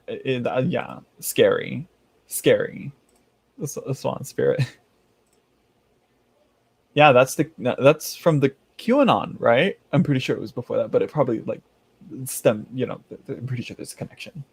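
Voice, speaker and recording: A man chats casually on a livestream, rambling between thoughts and laughing often. His voice is mid-pitched with a gravelly, fry-laden edge. The sound is dry and close to the mic. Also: lively intonation, moderate pace, long pauses, dry recording. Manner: rambling, laughs often, many restarts and fillers. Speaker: tarot channel host reading live chat.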